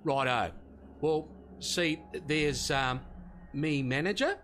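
An actor playing an easygoing, slow-witted security guard with an Australian accent, rambling and hesitant in video game dialogue. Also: male voice, a little high, fairly bright tone, slight background noise. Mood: flustered. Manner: rambling, hesitant, full of slang.

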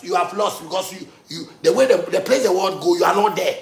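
A man with a Ghanaian accent ranting on a live stream, animated and breaking into shouts as he mixes pidgin with local words. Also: sits high, fast talker, vocal fry, hardly any pauses, echoey room. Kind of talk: heated live-stream rant.

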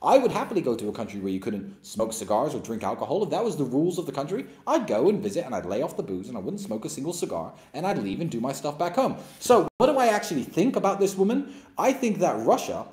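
A man delivering a blunt, mocking monologue to his live-stream audience, with heavy emphasis on his points. His pitch swings widely, rising sharply when he drives a point home. The sound carries the echo of a roomy space. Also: huge pitch swings, fast, hardly any pauses, darkish tone. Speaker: livestream host.

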